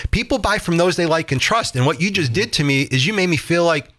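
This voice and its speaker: A man coaching on communication in an interview, lively and emphatic, joking as he explains. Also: a little high, fast talker, hardly any pauses. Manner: lively, jokey, emphatic, acts out examples.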